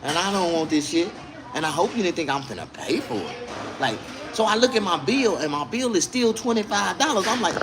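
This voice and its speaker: A man's voice: a little high, very animated, a little fast, noisy background. A man telling a story in a casual, indignant rant, full of swearing. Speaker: vlogger.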